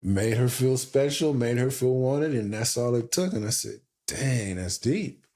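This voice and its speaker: A married man and podcast host, telling a story in a casual, animated way and acting out the dialogue. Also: mid-range voice, normal speed.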